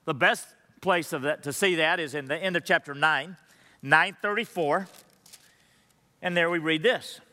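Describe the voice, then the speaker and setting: Bright-voiced male pastor preaching. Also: fairly high pitch, unhurried, long pauses, in a large hall. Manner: emphatic, conversational preaching with rhetorical questions. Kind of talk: sermon.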